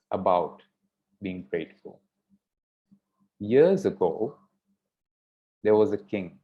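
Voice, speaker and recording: Slow, measured male storyteller. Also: lowish voice, dark tone. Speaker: speaker at a yoga festival. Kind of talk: inspirational storytelling talk. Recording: dull lo-fi sound.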